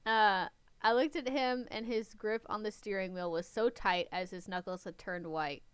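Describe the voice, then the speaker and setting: Smooth-voiced woman reading aloud. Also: mid-range voice, fairly even intonation, normal speed, no room sound. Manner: reads dramatically and breaks off to comment and laugh. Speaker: podcast co-host reading a web novel aloud. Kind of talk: casual read-aloud with banter.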